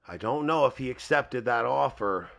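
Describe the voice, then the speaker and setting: A man's voice: mid-range voice, expressive, normal speed, vocal fry, fairly bright tone. A man hosting a live wrestling video game show, commentating in a hyped, rambling way. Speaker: host.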